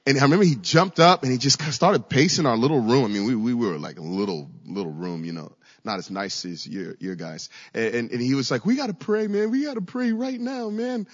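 A man from Virginia, USA, preaches a sermon, telling a story full of stammered repeats and sudden shouted passages. His fairly low voice is animated and fairly quick, with few pauses, recorded in an echoey hall with dull lo-fi sound.

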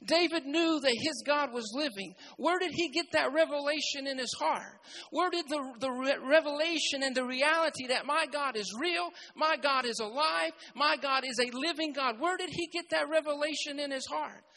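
A preacher delivering a sermon, repeating key phrases and building to loud, emphatic passages. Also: high voice, normal speed, poor audio.

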